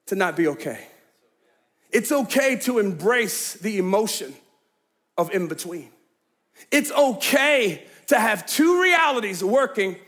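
A man's voice: high voice, a bit bright. A man preaching a sermon as pastor, emphatic and conversational, calling out to the congregation and laughing easily.

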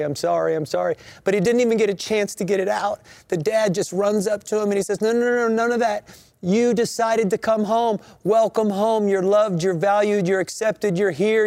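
A middle-aged man preaching from his own story, earnest and heartfelt, often circling back on the same words. His voice sits a little high for a man. The sound is close and dry, with almost no room echo. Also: a little mellow. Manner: earnest, emotional storytelling with repeated phrases. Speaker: senior pastor. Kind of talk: personal testimony sermon. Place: in a church sanctuary.

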